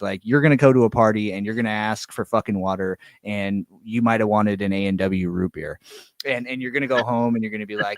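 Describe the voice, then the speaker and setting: A man's voice: fairly low pitch, a little fast, no room sound. A man co-hosting a podcast in a casual chat, laid-back and swearing freely, saying "dude" a lot. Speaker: podcast co-host.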